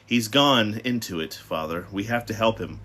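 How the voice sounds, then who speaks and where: A man's voice: fairly low pitch, expressive, moderate pace, pushed and bright. A man voicing a frightened, determined teenage girl, pleading urgently. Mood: tense.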